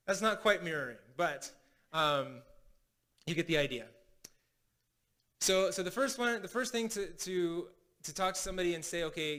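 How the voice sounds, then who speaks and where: A man's voice: fairly high pitch, fairly bright tone, clean tone. A man preaching as pastor in a casual teaching style, often restarting phrases and checking in with "right?". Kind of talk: sermon teaching. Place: congregation hall.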